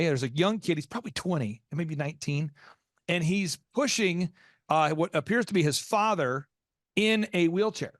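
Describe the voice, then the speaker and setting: An American man hosts a business podcast with a fairly high, animated voice. He tells stories at speed, rises into excited squeaks for his own reactions, and sounds dry and close to the mic. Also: no room sound. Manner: lively, jumps into high excited voices when acting out reactions. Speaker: podcast host.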